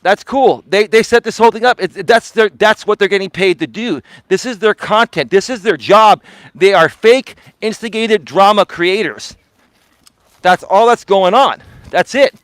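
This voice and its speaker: A man's voice: high-pitched, expressive, moderate pace, no room sound. A man, a life coach hosting his livestream, ranting confrontationally outdoors on a walk, repeating himself and swearing. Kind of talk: heated livestream rant.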